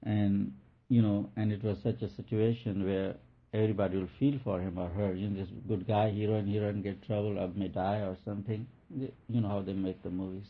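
A man giving a gentle spiritual talk as a teacher, telling a story in a halting way with many restarts. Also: fairly low pitch, level tone. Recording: thin phone-like lo-fi recording.

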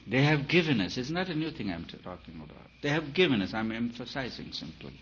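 A man giving a spiritual talk, emphatic and repetitive, his voice swelling and dropping in loudness. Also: medium pitch, very animated, fast. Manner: emphatic, repeats phrases, rises and falls in loudness. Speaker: spiritual teacher. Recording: dull lo-fi recording with faint hiss.

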